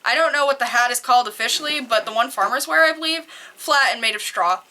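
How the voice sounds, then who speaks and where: Bright, animated young woman cosplayer. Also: a little high, fast. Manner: animated, blunt, swears casually. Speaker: cosplayer reading posts aloud. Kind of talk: casual read-aloud and reaction.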